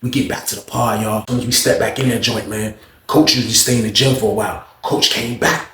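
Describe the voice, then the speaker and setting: A man's voice: fairly low pitch, fast talker, slight background noise. Slangy male storyteller, roomy echo. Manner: slangy, animated. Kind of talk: casual storytelling.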